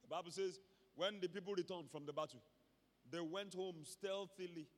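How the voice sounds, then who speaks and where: A man with a Nigerian accent preaching a sermon to his church, emphatic and rising from quiet talk to shouts. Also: sits high, moderate pace. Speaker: pastor. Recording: long hall reverb.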